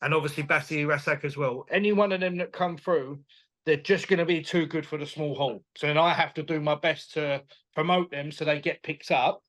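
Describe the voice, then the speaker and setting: Upbeat man, slightly high voice. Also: fairly quick. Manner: animated, enthusiastic, laughs often, retells dialogue. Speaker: boxing promoter, guest. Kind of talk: casual interview chat.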